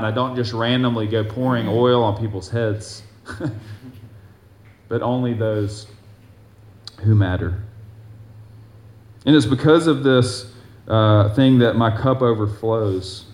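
Man, preacher, sermon, earnest, loud readings and soft asides, reverberant room. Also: medium pitch, takes it slowly, pauses often.

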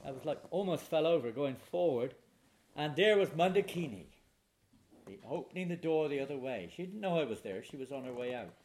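There's slight background noise as an older man with a fairly high voice speaks quite quickly at a spiritual retreat. Addressing a live audience, he animatedly tells a humorous personal anecdote.

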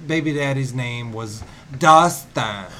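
A man's voice: mid-range voice, slow, bright, forceful tone, a little hiss or hum. A man in his thirties co-hosting a casual podcast, rambling through a story with many fillers and restarts. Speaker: podcast co-host. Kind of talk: casual chat.

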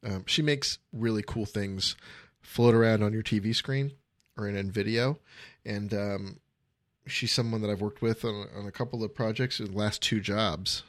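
A man's voice: fairly low pitch, fairly even intonation, moderate pace, dry recording, studio quality. A middle-aged man hosting a podcast on his own, talking casually with lots of ums and uhs. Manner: easygoing, full of ums and uhs. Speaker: podcast host. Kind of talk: casual solo podcast monologue.

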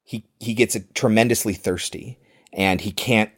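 A man's voice: lowish voice, measured pace, husky. A man hosting a podcast, casually recapping a film in detail and acting out quoted lines. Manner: retells scenes in detail, acts out quoted lines. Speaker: podcast host.

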